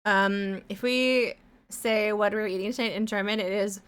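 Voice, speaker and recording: A woman's voice: mid-range voice, fairly even intonation, normal speed, clean tone. A woman live-streaming her art, chatting casually and rambling, with some casual swearing and humming to herself as she draws. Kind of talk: casual chat while drawing on stream.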